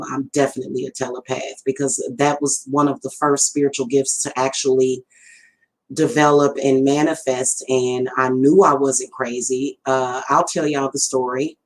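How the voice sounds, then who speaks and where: A woman's voice: rumbling low, a little mellow, poor audio. A middle-aged woman, a spiritual reader chatting casually to her viewers, rambling and addressing them directly. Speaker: spiritual reader and channel host. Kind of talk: casual livestream talk.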